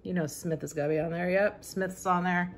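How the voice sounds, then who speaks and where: A vintage reseller hosting her own channel chats casually while flipping through an old catalog, amused and laughing often. Her fairly low voice has fairly even intonation and moves a little fast. There's slight background noise.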